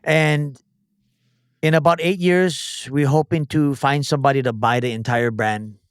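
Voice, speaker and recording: A man's voice: mid-range voice, steady tone, a little slow, clean tone, no room sound, studio quality. A man in his forties from O'ahu with a Hawaiian Pidgin accent, a guest chatting bluntly and jokingly on a podcast with plenty of swearing. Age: 40s. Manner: profane, blunt, joking banter. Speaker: guest, chef and restaurant owner. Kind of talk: casual podcast conversation.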